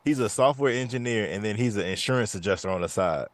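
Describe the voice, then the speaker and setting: A man in his thirties, co-hosting a podcast, telling a story in a lively, profane way and often repeating himself. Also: fairly low pitch, fast talker, no echo. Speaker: podcast co-host. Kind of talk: casual chat.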